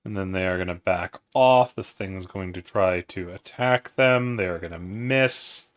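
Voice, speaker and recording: A man serves as game master of a tabletop game. His voice sits low and he takes his time, calling out rolls and damage matter-of-factly with an occasional curse. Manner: measured, matter-of-fact, profane.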